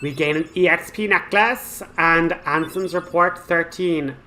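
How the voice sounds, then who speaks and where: A man narrating a game walkthrough, chatty and excitable, flaring up as he relives a frustrating boss fight. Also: fairly high pitch, measured pace, low-quality recording. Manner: chatty with frequent fillers and restarts. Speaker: gaming channel host.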